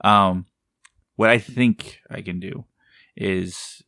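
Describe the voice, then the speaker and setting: A man with a low, gravelly voice co-hosts a podcast in loose, casual conversation. He wanders through his thoughts, doubling back mid-sentence. The sound is dry and close to the mic. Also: fairly even intonation, slow, sharp tone, dry recording. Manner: rambling, tangential. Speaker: podcast co-host. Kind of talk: casual chat.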